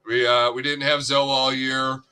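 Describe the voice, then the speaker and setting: A man's voice: medium pitch, flat delivery, normal speed, sharp tone, clear, resonant tone, close to an everyday voice. A man doing a bland, excuse-making team boss. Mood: excusing. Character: evasive male team executive at a press conference.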